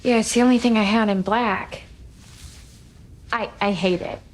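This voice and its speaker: An actress playing a nervous young American au pair in a drama series, speaking in a hesitant, halting way. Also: female voice, medium pitch, fairly even intonation, natural voice. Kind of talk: television drama acting.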